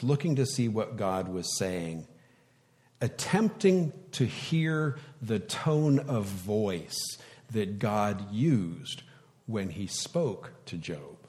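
Slow, reflective male preacher in a hall. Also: fairly low pitch. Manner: slow, reflective delivery with sudden loud emphases. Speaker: pastor. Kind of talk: sermon. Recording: long hall reverb.

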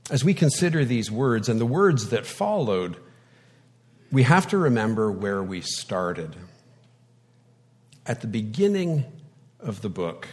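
Man, preacher, sermon, slow and deliberate, mid-pitched voice, dry touches of humor. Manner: deliberate, with light wry humor.

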